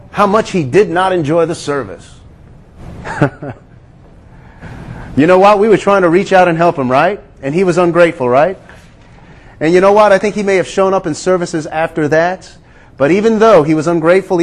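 A man preaching a sermon, earnest and questioning his listeners, slowing down to stress key words. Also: high-pitched. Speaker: pastor.

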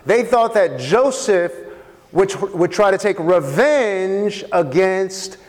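A man's voice: high voice, expressive, slow, in a large hall. A man preaching a sermon. He asks the congregation questions and repeats key phrases for emphasis. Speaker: pastor.

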